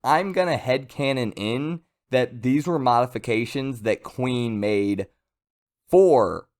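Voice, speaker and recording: A man giving a casual, rambling video review of a comic chapter, chatty and lively. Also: mid-range voice, slow pace. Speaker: manga reviewer.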